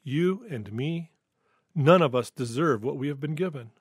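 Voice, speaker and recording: A man preaching a devotional sermon with scripture reading, in an earnest, reflective and measured way. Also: on the high side, lively intonation, slightly rough, dry recording, clean studio sound. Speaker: pastor.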